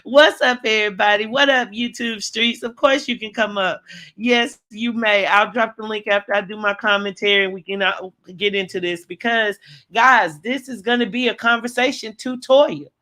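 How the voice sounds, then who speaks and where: A middle-aged woman hosting a casual livestream, greeting viewers by name in animated, slangy talk. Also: mid-range voice, normal speed. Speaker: livestream host.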